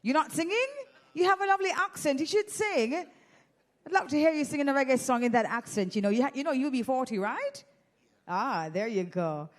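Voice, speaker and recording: A woman's voice: high voice, lively intonation, fairly quick. A woman with a Jamaican accent hosting an audience giveaway on a handheld mic in an event hall, playful and teasing. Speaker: event host. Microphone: handheld microphone.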